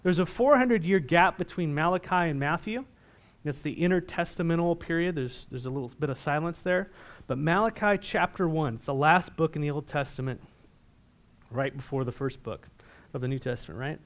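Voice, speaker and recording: Higher-voiced man preaching a sermon. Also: moderate pace. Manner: asks the congregation questions, rises loud when reading scripture. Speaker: pastor.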